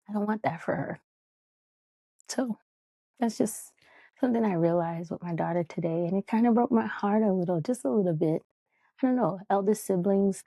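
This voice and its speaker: A woman's voice: on the low side, vocal fry, warm tone, dry recording. A woman hosting a podcast, talking in a candid, heartfelt, rambling way with lots of fillers. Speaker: podcast host. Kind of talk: casual podcast monologue.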